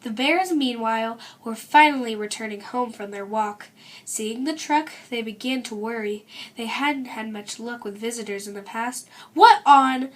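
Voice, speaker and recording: A woman reading a children's storybook aloud with expressive storytelling. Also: a little high, normal speed. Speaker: reader.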